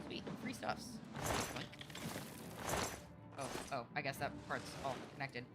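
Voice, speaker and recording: A woman's voice: rumbling low, level tone, measured pace, over loud music. A woman streaming a game, chatting casually with viewers, swearing freely and teasing them. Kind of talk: casual livestream chat while gaming.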